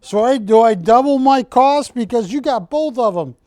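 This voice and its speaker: A man's voice: very high voice, lively intonation, moderate pace, mellow, no room sound. A man hosting a live shopping channel broadcast, selling art with chatty, jokey banter from a studio. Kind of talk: live TV sales pitch.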